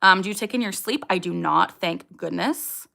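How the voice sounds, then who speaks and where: A woman's voice: on the low side, normal speed, vocal fry, bright, forceful tone. A young woman hosting a casual livestream, answering viewer questions candidly, with frequent ums and sudden vocal tics. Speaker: livestream host.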